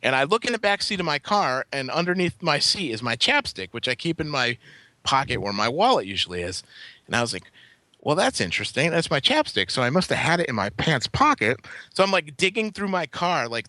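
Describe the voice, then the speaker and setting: A man's voice: a little high, sing-song, brisk, bright, forceful tone. A man co-hosting a podcast, telling a long, rambling anecdote in casual, profane chat. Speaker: podcast co-host. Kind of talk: casual storytelling.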